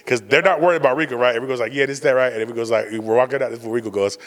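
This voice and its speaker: A man co-hosting a podcast, telling a story in casual chat and acting out the people he quotes with loud jumps in his voice. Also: mid-range voice, fairly even intonation, racing, long reverb tail. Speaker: podcast co-host.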